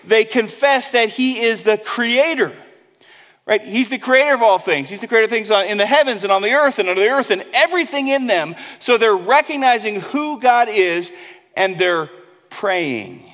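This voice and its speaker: High-voiced man preaching in a reverberant hall. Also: animated, normal speed. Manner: conversational preaching, drops low and soft on key words, acts out quoted voices. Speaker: pastor. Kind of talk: sermon.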